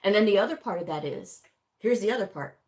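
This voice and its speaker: A woman's voice: mid-range voice, lively intonation, fast talker, darkish tone. A woman teaching medical coding in a casual livestream, talking frankly and speaking straight to her viewers. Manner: frank, chatty, addresses viewers directly.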